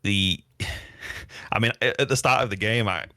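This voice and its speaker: A game developer being interviewed, talking earnestly with many stammered restarts. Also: male voice, on the low side, measured pace, sharp tone, dry recording, clean studio sound. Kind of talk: casual interview chat.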